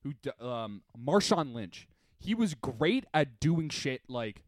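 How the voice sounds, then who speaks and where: Lively, excitable podcast guy. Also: mid-range voice, slow, dry recording, studio quality. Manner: animated, agreeable, excitable storytelling. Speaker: podcast co-host. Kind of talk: casual chat.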